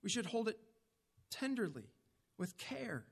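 A man's voice: high-pitched, big pitch swings, measured pace, vocal fry, husky, big-room sound. A man preaching a sermon in an earnest, emphatic way, putting direct questions to his listeners.

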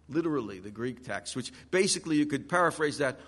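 A man delivers a sermon with a high, bright voice that swings widely in pitch. He acts out the quotes he reads in an animated way. His voice carries a long reverb, as if in a big hall. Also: moderate pace, hardly any pauses. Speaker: pastor.

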